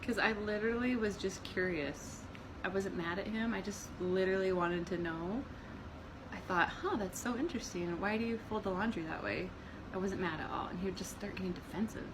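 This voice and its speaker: A woman in her thirties tells animated stories in a casual chat, laughing often and acting out quotes. Her voice sits at a middle pitch, with clear background noise running underneath. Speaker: co-host of a marriage channel.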